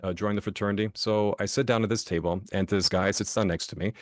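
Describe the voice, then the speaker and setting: A man's voice: fairly low pitch, fairly even intonation, fast, no echo, clean studio sound. A man from Germany, a podcast guest and author, telling stories in a casual interview, often restarting phrases and checking in with "right?".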